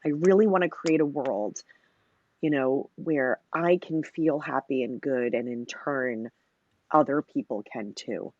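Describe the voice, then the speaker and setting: A woman's voice: a bass voice, a little slow, a little mellow, no echo, lo-fi sound. A woman in her thirties, a company founder, tells her story in a casual interview. She is long-winded, scatters "you know" and "like" through her talk, and acts out the lines she quotes. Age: 30s.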